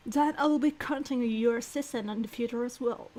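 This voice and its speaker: A woman voicing a reserved, formal young male commandant who speaks in a measured, polite way. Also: on the high side, a little mellow, voice pushed down, lightly acted.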